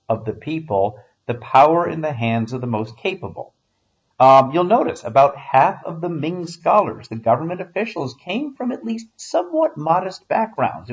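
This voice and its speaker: A man's voice: medium pitch, rough recording. Wry, rambling history teacher, man. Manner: conversational, wry asides, frequent fillers. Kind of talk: recorded classroom lecture.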